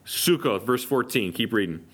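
A man's voice: on the low side, moderate pace. A man teaching a Bible study in a casual, joking way, often checking in with his listeners. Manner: lively, jokey, checks in with "okay?".

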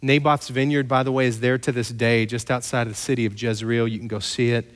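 A man preaching a sermon, retelling scripture as lively storytelling with playful asides and mock voices. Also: mid-range voice, brisk. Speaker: pastor. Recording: long hall reverb.

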